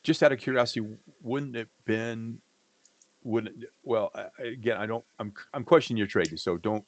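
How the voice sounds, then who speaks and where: A man's voice: medium pitch, moderate pace, no room sound. A man on a livestream, chatting casually and joking, rambling and cutting himself off as he goes. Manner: joking, rambling, self-interrupting. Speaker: livestream co-host. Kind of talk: casual trading chat.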